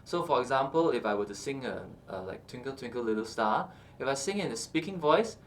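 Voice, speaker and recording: A man teaching singing, explaining calmly with many fillers and checking in with "okay" as he goes. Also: medium pitch, a little fast, slight background noise. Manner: explains calmly with frequent uh and okay, breaks into short sung examples. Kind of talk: instructional talk with sung demonstrations.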